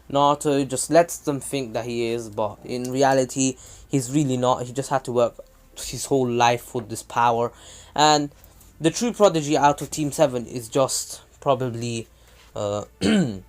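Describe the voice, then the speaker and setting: A man casually retelling an anime fan story, rambling with frequent asides and jokes. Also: medium pitch. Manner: rambling, many fillers and restarts, jokey asides.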